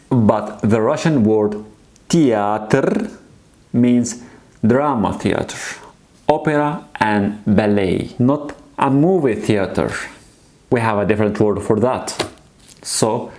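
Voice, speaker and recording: A man's voice: lowish voice, slow, a little mellow. A man teaching a language lesson, explaining in simple sentences and repeating each sound and word several times for learners to echo. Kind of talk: slow, patient alphabet lesson.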